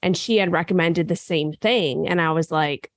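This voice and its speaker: A woman co-hosting a fitness podcast, sick and raspy, explaining at length in casual chat with frequent fillers. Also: fairly low pitch, normal speed, no echo. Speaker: podcast co-host and nutrition coach.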